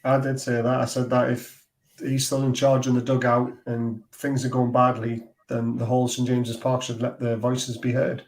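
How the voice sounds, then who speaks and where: A man's voice: mid-range voice, completely flat delivery, moderate pace, roomy sound, slight background noise. A man co-hosting a casual fan podcast, blunt and opinionated, arguing his point firmly. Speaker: podcast co-host.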